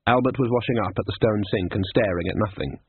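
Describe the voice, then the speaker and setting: Husky male narrator, phone-thin sound. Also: lowish voice, dry recording. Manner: dry, measured storytelling. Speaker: audiobook narrator. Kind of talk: scripted narration. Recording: muffled, phone-like narrow sound.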